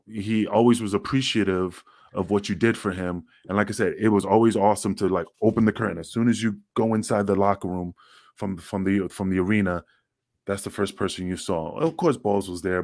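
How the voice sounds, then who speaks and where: A man's voice: fairly low pitch, fairly even intonation, brisk, darkish tone, no echo, studio quality. A middle-aged man, a former wrestler, telling rambling, profane stories in a casual interview. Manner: rambling, profane, acts out quotes.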